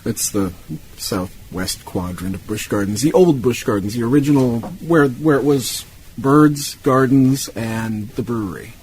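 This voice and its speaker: A man co-hosts a casual film podcast, chiming in with relaxed, detail-filled remarks. His voice sits at an ordinary male pitch, with a faint hiss in the background. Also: unhurried. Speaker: podcast co-host. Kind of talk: casual film-review chat.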